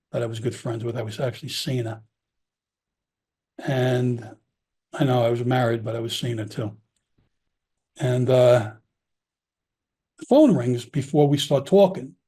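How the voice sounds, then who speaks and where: A man's voice: medium pitch, dark tone, slightly rough. A middle-aged man, a former police officer telling his story in an interview, emotional and profane, acting out the people he quotes. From Long Island, New York.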